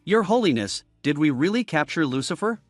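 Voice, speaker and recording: A man's voice: on the high side, very animated, fairly quick, dry recording, soft background music. A man voicing an anxious young saintess who keeps asking flustered questions. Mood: startled.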